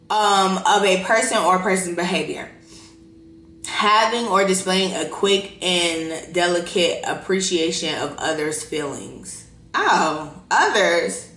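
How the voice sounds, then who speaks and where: A podcast host in her thirties delivers a casual, unfiltered monologue, profane and animated, laughing through her own stories. Her lowish voice is bright and sharp, ringing in an echoey room.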